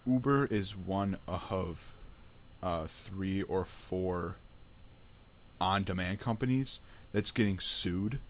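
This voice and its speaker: A man's voice: sits low, slow pace, a little hiss or hum. A man co-hosting a podcast over an online call, steadily explaining and reading out a news story in casual chat. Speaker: podcast co-host.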